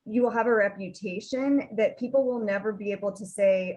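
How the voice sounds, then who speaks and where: A woman's voice: mid-range voice, steady tone, moderate pace, few pauses, a little mellow, poor audio. A woman attorney speaking on a panel over a video call, talking earnestly with frequent restarts.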